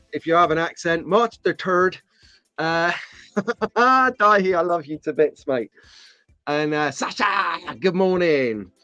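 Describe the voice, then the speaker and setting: A man's voice: a little high, fairly bright tone, no room sound, highs cut off. Chatty man hosting a live stream. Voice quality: chatty, jokey, rambling. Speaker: host of a live slot car stream. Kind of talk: casual live-stream chat greeting viewers.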